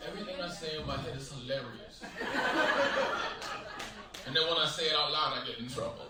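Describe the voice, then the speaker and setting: A man performing a stand-up comedy set on stage, animated, acting out voices and shouting his punchlines. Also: a little high, unhurried, pauses often, distant mic. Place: large hotel ballroom, stage. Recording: loud echoey ballroom, heavy noise.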